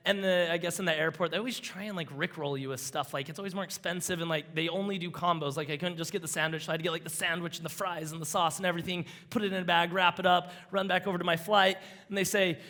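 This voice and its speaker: A man giving an energetic conference talk, telling an enthusiastic, rambling story that keeps drifting off on side tracks. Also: high voice, fast, few pauses. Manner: rambling, easily sidetracked, enthusiastic. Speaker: conference speaker.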